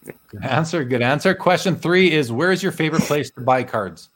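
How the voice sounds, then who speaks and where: A man's voice: a little high, animated, normal speed, fairly bright tone. A man hosting a live interview show in a friendly, conversational manner. He asks questions and reads out viewer comments. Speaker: host.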